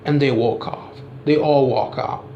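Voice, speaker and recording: A man talking slowly and casually as a wrestling fan vlogger, rambling from point to point with constant "you know" fillers. His voice sits at a middling pitch. The recording is from an echoey room with a faint hiss behind it. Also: steady tone, highs cut off. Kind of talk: casual chat.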